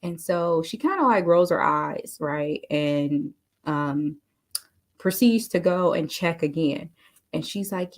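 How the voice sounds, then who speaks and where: A woman telling a story to encourage listeners, animated and chatty, often calling them "you all.". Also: low-pitched, slow. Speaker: motivational speaker. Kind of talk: casual motivational storytelling.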